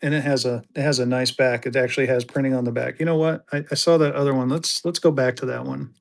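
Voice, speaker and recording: A man with a medium-pitched, steady voice and vocal fry talks fast as he hosts a live online auction. Chatty and jokey, he banters with viewers while showing off items in a casual livestream sale.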